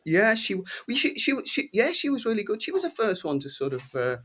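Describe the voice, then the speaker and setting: An English man in his sixties, a guest musician, telling casual stories and acting out other people's lines with big jumps in his voice. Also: brisk. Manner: lively anecdotes, acts out quoted voices with big pitch jumps. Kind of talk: casual storytelling.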